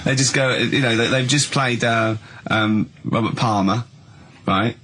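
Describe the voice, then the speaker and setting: Male radio host, bright-toned and jokey, with a faint noisy background. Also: medium pitch, a little slow. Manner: mocking, jokey interjections. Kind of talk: teasing banter.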